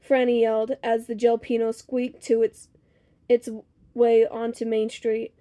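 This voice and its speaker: A woman reading a novel chapter aloud in a steady storytelling manner, with small slips now and then. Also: a little high, a little slow. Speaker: reader.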